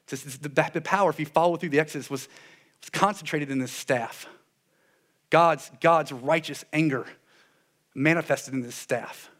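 Animated preaching man, slightly high voice. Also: moderate pace. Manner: animated preaching, sarcastic asides, voice drops low for solemn points. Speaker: pastor. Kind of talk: sermon.

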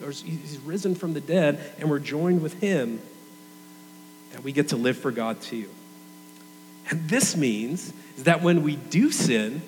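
A man's voice: a little high, darkish tone, in a large hall, a little hiss or hum. A young adult man preaching a sermon in a conversational, earnest way.

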